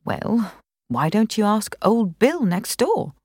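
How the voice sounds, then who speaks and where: A grown brother with a practical, matter-of-fact manner and a bit of a tease, voiced by a woman reading a novel. He talks in an unhurried, slightly lowered tone. The recording is dry. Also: sing-song, a little mellow, husky, no room sound, exaggerated voice. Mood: helpful. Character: adult brother, practical and teasing. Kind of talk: audiobook character reading.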